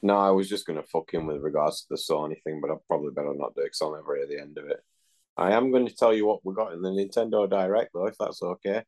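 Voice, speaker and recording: A man's voice: low-pitched, fast, darkish tone. A man from northern England co-hosting a casual gaming podcast, dry and prone to swearing, talking over a call. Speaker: podcast co-host. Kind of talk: casual banter. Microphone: remote call mic.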